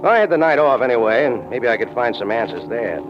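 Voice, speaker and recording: A man's voice: medium pitch, animated, a little fast, lightly acted. An actor narrating as a dry, wisecracking hard-boiled male detective in a 1940s radio drama. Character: tough, wry male private eye. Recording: dull vintage radio with music bed.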